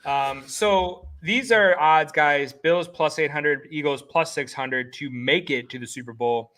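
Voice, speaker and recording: A man co-hosting a casual sports betting chat, excitable and jokey, talking in rapid bursts of hype. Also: a little high. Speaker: podcast co-host.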